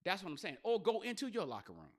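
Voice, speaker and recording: A male podcast host and comedian delivering a loose, profane, riffing monologue, jumping into quick voices and asides. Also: sits high, wildly swooping pitch.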